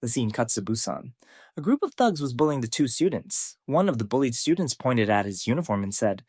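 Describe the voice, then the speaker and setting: A man narrating a scripted story recap in a steady storytelling way. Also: mid-range voice, fairly quick, no echo, clean studio sound.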